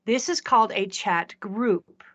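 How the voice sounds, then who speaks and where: A woman presenting a software demo in a chatty way, often checking in with the audience. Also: medium pitch, unhurried. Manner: chatty, asks "right?" often. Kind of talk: live software demo talk.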